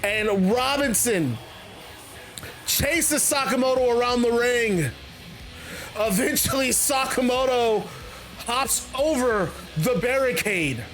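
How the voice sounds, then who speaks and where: High-voiced male host, casual stop-start play-by-play. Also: takes it slowly, a bit bright. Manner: rambling, stop-start phrasing. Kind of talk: casual wrestling play-by-play narration.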